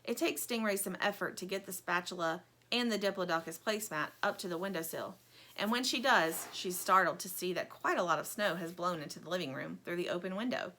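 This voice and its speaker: A woman reading a children's story aloud in an expressive, animated way. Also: fairly low pitch, a little fast.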